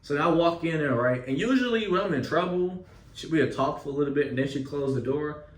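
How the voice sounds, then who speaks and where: A young man casually telling a story from his school days, animated and full of profanity and street slang. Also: fairly high pitch, brisk, distant mic. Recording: echoey room, off mic.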